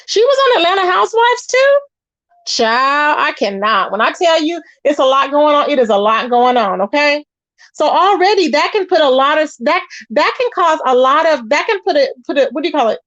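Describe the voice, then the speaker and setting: Host: woman, high voice, gossip commentary, dry close sound, dull audio. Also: moderate pace, no echo. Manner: animated, chatty, reacts to live chat.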